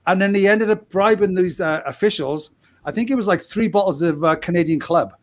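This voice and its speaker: A man with a fairly high voice tells a long anecdote as a podcast guest, his sentences restarting and spilling into each other. He breaks into laughter mid-phrase again and again and shifts his voice for the people he quotes. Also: brisk. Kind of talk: casual storytelling.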